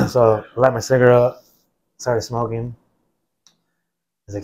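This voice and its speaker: A man's voice: mid-range voice, takes it slowly, gravelly, pauses often. Rambling veteran man telling war stories. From United States. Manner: relaxed and rambling, many "like" fillers, acts out others' quotes. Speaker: interview guest, military veteran. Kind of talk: casual spoken storytelling.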